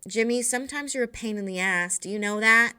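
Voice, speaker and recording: A woman voicing a weary, short-tempered mother, giving curt flat refusals in a read-aloud story. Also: fairly high pitch, brisk, smooth. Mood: curt, exasperated.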